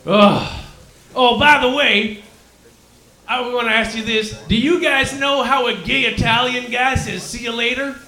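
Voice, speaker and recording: A man's voice: very high voice, a little slow, sharp tone, full character voice. A man doing a stoned Texan cobra. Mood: stoned rowdy. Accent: Texan, put on. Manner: drawling, rambling stoner banter with whoops. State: claims to be high, cotton mouth. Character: stoned crude male Texan cobra, drawling. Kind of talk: live stand-up character bit. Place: comedy lounge stage, live. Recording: roomy live club room.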